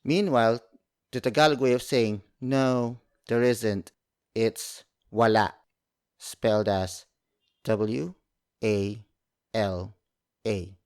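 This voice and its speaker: A man's voice: lowish voice, steady tone, slow pace, long pauses, clear, resonant tone. A man teaching a language lesson, speaking carefully, repeating each word and spelling it out letter by letter.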